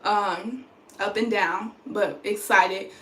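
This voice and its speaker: Speaking slowly in a slightly bright, mid-range voice with fairly even intonation, a young woman vlogs to her phone about being pregnant. She's tired, chatty and rambling in this casual to-camera talk, and the room echoes noticeably.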